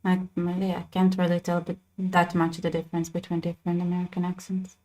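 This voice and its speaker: Israeli woman chatting, somewhat low voice. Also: completely flat delivery, fast talker, dark tone. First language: Hebrew. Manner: chatty, many restarts and fillers. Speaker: channel host. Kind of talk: casual livestream chat.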